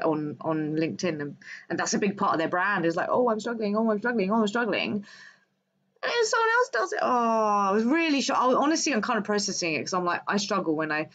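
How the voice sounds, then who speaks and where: A woman hosting a wellbeing livestream, talking to her viewers in a casual, passionate, emphatic monologue. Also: lowish voice. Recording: slightly dull lo-fi audio.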